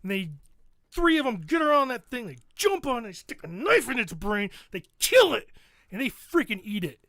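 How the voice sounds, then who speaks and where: A man's voice: very high-pitched, very animated, moderate pace, a bit bright, dry recording, studio quality. A man hosting a podcast, animatedly retelling a show in casual, profane chat. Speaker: podcast host.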